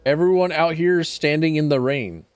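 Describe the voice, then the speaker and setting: A man's voice: a little high, normal speed, clean tone, faint music behind. Casual, swearing male game streamer. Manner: casual, rambling, profane. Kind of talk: casual gameplay commentary.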